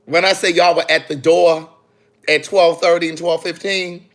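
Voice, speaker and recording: A man, an author, chatting on a phone livestream in a sassy, animated way, talking straight to his viewers. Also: fairly high pitch, normal speed. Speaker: author hosting a live video. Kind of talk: casual livestream chat. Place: in the city after a book event.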